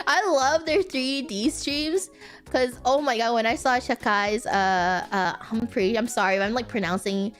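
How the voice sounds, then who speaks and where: A woman's voice: fairly high pitch, unhurried, faint music behind. A woman streamer in casual chat who rambles, giggles and keeps correcting herself mid-sentence.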